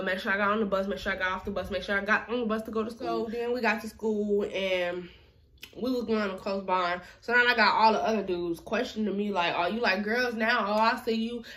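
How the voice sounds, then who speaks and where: A woman's voice: medium pitch, fairly bright tone. A woman vlogger telling a personal story in a casual, chatty, slangy way.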